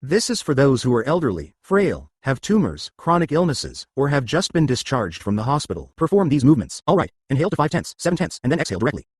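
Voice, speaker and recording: A man's voice: mid-range voice, very animated, a little fast, hardly any pauses, slightly rough, no echo, clean studio sound. A man leading exercise and breathing drills, giving step-by-step commands and coaching his listeners through each movement. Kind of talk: guided exercise instruction.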